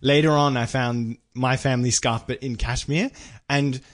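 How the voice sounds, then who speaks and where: A man's voice: medium pitch, steady tone, moderate pace. A man from Australia co-hosting a podcast, chatting casually and laughing often. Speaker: podcast co-host.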